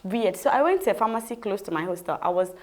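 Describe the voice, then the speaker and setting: A woman with a Ghanaian accent tells her own story as an interview guest. She brings the scenes to life by acting out what each person said. Her voice sits at a middle pitch. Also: animated, fast talker. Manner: vivid storyteller who acts out dialogue.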